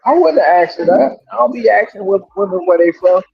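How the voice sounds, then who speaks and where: A man's voice: sits high, expressive, brisk, vocal fry. A man joking and teasing in a casual chat, laughing often, on dull lo-fi audio.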